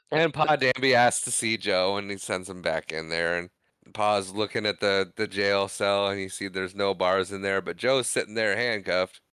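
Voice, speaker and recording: A man's voice: on the low side, a little slow, fairly bright tone, clean tone, dry recording. A man co-hosting a podcast, casually retelling a movie scene by scene and acting out the characters' lines. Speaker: podcast co-host. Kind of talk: casual movie recap chat.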